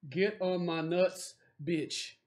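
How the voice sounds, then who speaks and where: A man voicing a short-tempered, foul-mouthed tavern woman who yells crude insults in a game session. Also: sits high, slow pace, pitched above the performer's own voice. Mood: furious.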